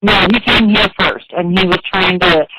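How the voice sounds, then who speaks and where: A man heatedly recounting an argument in casual, profane talk, recorded in an office at a business. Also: high-pitched. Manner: profane, animated, quick to mimic others. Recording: loud background noise.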